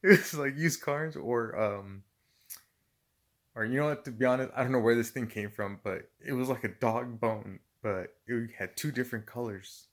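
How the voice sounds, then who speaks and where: A man's voice: medium pitch, moderate pace. Profane laughing man telling stories. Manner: profane, laughing often, animated retelling. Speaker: storyteller. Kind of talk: casual storytelling.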